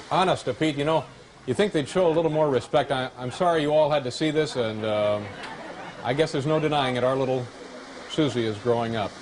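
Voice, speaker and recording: A man's voice: medium pitch, fairly quick. A man hosting a late-night comedy sketch, playing a flustered, fatherly scolder. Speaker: talk show host. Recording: noisy TV broadcast with loud studio audience.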